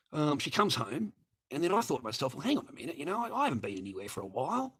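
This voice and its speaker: Husky-voiced Australian bloke, mid-pitched, crude and blunt livestreamer. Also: male voice, fairly bright tone. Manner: swears heavily, laughs often, blunt. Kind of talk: crude rambling livestream chat.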